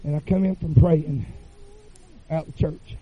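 A man preaching a revival sermon in a church, chanting phrases with "uh" fillers and rising to shouts. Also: on the high side, steady tone, a little slow, husky, muffled recording.

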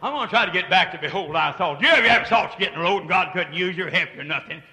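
Folksy older preacher in a reverberant church. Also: male voice, sits high, expressive, fast. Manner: folksy storytelling preacher, swinging from loud shouts to quiet murmurs. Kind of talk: sermon.

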